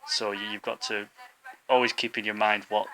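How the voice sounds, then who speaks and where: A man from England talks through language tips in a relaxed, informal way, often pausing on ums and restarting his sentences. His voice sits low with a gravelly fry and a bright, forceful edge. Faint noise hums in the background. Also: rough recording. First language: English. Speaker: language teacher. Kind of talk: casual explanatory lesson.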